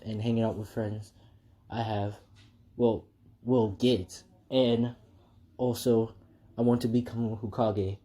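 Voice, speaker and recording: A man's voice: medium pitch, warm tone, lightly acted. A man voicing a boastful young male ninja who calls himself a vampire lord, speaking in a plain, rambling way.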